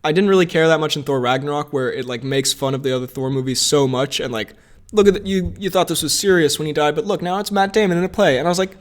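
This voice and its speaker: A man's voice: a little high, fast. Rambling young man on a podcast. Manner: rambling, laughs often, loses his train of thought. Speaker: podcast co-host. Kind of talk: casual movie chat.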